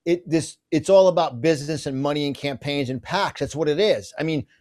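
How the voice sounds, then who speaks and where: A middle-aged man with a slightly higher voice talks as an interview guest. His delivery is fiery and emphatic. He rushes through asides and often restarts his sentences. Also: a little mellow. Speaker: guest, conservative business publisher. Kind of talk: fiery political interview talk.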